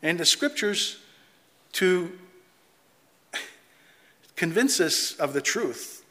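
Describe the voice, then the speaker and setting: A middle-aged man preaching a sermon in an animated way, mocking opponents' voices and reading scripture aloud. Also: sits high, drawn-out words. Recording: long hall reverb.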